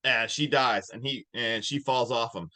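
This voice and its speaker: Animated young man retelling a movie. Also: medium pitch, normal speed. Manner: animated, swings loud and soft, acts out scenes. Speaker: podcast co-host. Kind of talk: excited movie recap.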